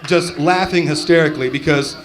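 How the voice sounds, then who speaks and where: A man's voice: fairly high pitch, fairly quick, slight background noise. A middle-aged man from Texas doing rambling, profane stand-up comedy at an open mic. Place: comedy club stage.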